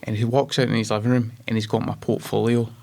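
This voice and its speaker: A Scottish man in his twenties, a guest telling his life story in an interview, emotional and animated. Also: mid-range voice, fast, gravelly. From Scotland.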